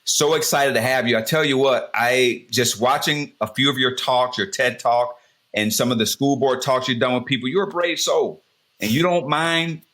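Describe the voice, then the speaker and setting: A man's voice: mid-range voice, moderate pace, a bit bright. An American man hosting a podcast interview in a loose, enthusiastic, rambling chat. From United States. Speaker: podcast host.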